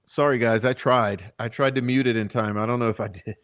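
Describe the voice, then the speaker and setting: A man's voice: medium pitch, steady tone, a little fast, fairly bright tone. A man hosting a live stream, making casual, chatty asides to his viewers between readings of court testimony. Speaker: channel host.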